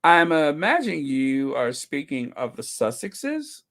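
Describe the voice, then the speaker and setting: A man's voice: fairly high pitch, huge pitch swings, a little slow, fairly bright tone. A man hosting an online channel, chatting casually and reading out viewer comments with opinionated, mocking asides. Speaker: channel host.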